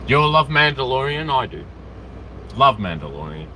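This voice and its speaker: Casting: animated Australian guy, rambling vlog chat, street noise and traffic behind. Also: medium pitch, moderate pace, rough recording. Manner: excitable, animated, jumps between topics. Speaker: vlogger. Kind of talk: rambling outdoor chat to camera.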